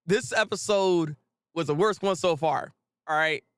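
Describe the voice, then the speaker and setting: A man's voice: fairly high pitch, unhurried, clean tone, dry recording. A man hosting a casual anime commentary, ranting animatedly with frequent laughs and repeated phrases. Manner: animated, repetitive, laughs often, swears casually.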